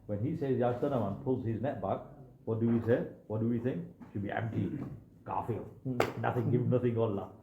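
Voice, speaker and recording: A man's voice: mid-range voice, a little fast, reverberant, highs cut off, background noise. A young man preaching a sermon, telling a story dramatically with frequent asides to his audience.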